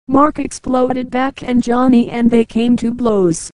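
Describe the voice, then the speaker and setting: Slow, dry-voiced woman narrating a novel. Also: a little high, flat delivery, a little mellow, no echo, low-quality recording. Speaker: audiobook narrator. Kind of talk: audiobook narration with light character voices.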